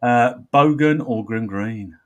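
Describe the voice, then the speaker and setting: A man's voice: medium pitch, slow pace, lo-fi sound. A middle-aged man hosting a casual chat, easygoing and hesitant, with frequent uhs. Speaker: host.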